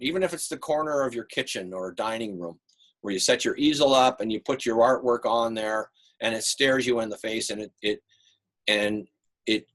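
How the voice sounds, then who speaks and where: A man teaching an online art class over a video call, relaxed and rambling with many fillers. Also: medium pitch. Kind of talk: online class lecture and critique.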